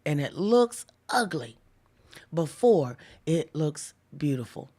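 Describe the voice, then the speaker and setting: A woman's voice: on the low side, very animated. Chatty woman preaching a live devotional. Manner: chatty, reads viewer comments aloud, slows down for emphatic lines. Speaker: host of a live devotional stream. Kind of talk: casual livestream devotional preaching.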